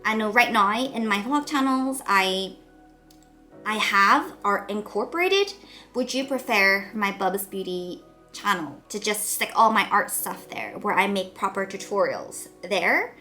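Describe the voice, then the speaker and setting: A woman in her thirties talks to her viewers in a relaxed, reflective vlog. Her delivery is soft and open, full of small fillers and trailing pauses. Faint music sits quietly under her voice. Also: medium pitch. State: nasal from a cold. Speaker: vlogger. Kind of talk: reflective casual vlog talk.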